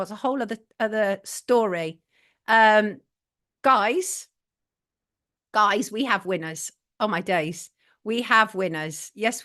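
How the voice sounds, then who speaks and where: On her live online talk show, a middle-aged woman from England talks in a slightly high, somewhat bright voice. Opinionated and blunt, she drives points home by repetition and shares what viewers have written in.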